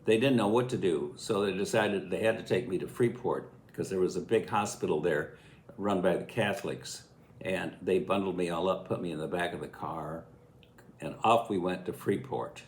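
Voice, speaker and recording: A man's voice: low voice, normal speed, a little hiss or hum. Elderly man telling a folksy tale. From Illinois, USA. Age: 80s. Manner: folksy, chuckling, lively storytelling. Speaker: storyteller recalling childhood. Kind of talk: casual spoken memoir. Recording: echoey room.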